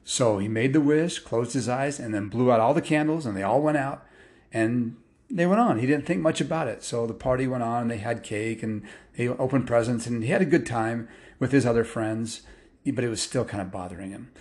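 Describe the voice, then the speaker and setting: A man's voice: medium pitch, fairly quick, darkish tone. A man telling a story casually, rambling and stringing clauses together with "and" and "well.".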